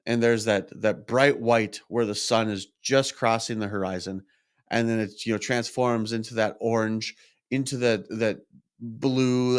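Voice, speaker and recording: A man's voice: mid-range voice, clean tone. A man, a podcast host, telling a personal story in a candid, self-reflective monologue, openly frustrated and swearing at times.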